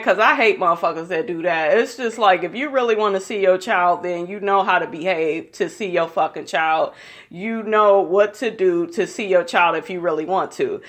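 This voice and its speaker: A woman's voice: mid-range voice, fairly bright tone. A woman giving a casual, gossipy recap of a reality TV episode, blunt, opinionated and full of profanity.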